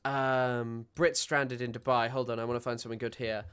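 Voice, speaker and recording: A man's voice: medium pitch, little pitch movement, normal speed, a bit bright, clean tone. A male streamer giving casual, sardonic reaction commentary into a desk microphone.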